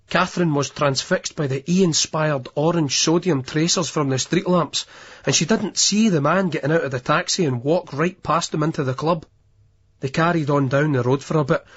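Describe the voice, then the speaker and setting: A man narrating an audiobook in a steady storytelling manner, in a dull lo-fi recording. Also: a little high, slightly rough. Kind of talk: scripted narration.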